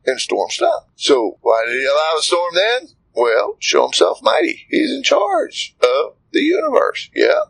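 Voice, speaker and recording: A man giving an informal devotional talk in a folksy, animated way, asking many rhetorical questions. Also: a little high, normal speed, vocal fry, poor audio.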